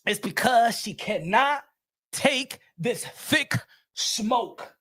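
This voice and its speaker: High-voiced, animated boxing channel host. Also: male voice, slow. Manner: animated, laughing, bursts of shouting, repeats lines. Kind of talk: comedic rant commentary.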